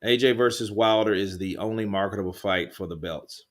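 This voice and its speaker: A man's voice: lowish voice, a little fast. Laid-back, swearing male stream host. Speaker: livestream host. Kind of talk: casual live boxing chat, reading viewer comments.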